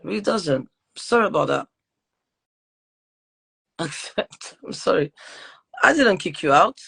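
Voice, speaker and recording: A woman with a French accent hosts a live-streamed podcast. She is a teacher and speaks casually, with many fillers and quick apologies, in a chatty interview manner. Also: on the low side, expressive, creaky, pushed and bright, slightly rough.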